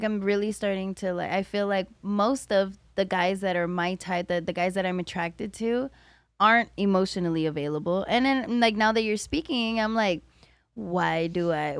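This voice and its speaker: A woman's voice: medium pitch, no echo. A woman in a casual podcast chat, mostly giving short agreeing replies and sometimes musing aloud about her own dating patterns.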